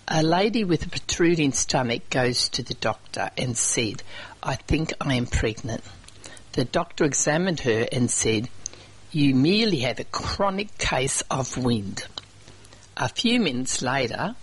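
A community radio presenter, chatting casually between songs and reading out local notices in an unhurried way with small hesitations. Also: medium pitch, fairly bright tone, a little hiss or hum, poor audio.

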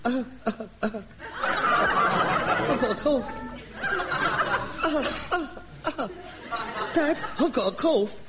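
An actor playing a theatrical, hypochondriac grown son in a sitcom. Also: male voice, extremely high pitch, lively intonation, very slow, pauses often, over a noisy crowd, very noisy, exaggerated voice. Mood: panicky. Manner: theatrical, whining, self-dramatizing. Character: melodramatic hypochondriac grown son, pompous and whiny. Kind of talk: sitcom acting.

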